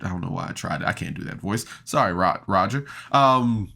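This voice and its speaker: A man's voice: deep voice, expressive, a little fast, creaky, pushed and bright. A man casually recapping a tabletop game episode on a podcast, chatty and enthusiastic, with laughs and fillers. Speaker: podcast reviewer.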